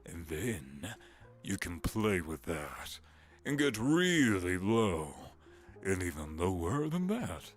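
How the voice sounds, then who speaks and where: A man, a voice actor, chatting casually on a home livestream with a gravelly vocal fry, giggling and wandering between topics. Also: low voice, sing-song, takes it slowly. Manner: chatty, giggly, drifts into voice demos. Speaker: voice actor streaming.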